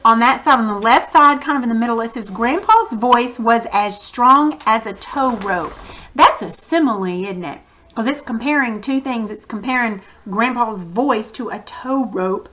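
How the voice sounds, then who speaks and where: On the high side and a little slow, a woman's voice leads a reading lesson for children. She records it on a computer mic and acts out the quoted lines with animation.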